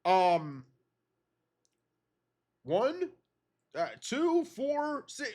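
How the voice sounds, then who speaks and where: A man with a head cold talks through game results at a slow, drawn-out pace. His voice sits fairly high, and he keeps breaking into swearing, disbelieving exclamations as each new result shocks him. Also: lively intonation. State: has a cold. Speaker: gaming video creator. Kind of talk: reacting to simulated season results.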